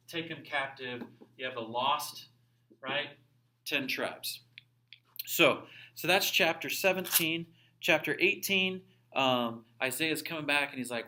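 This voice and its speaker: A man lecturing a religion class in a casual, animated way, acting out the voices of the people in his story. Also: mid-range voice. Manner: animated storytelling, acts out quoted characters. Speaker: religion teacher.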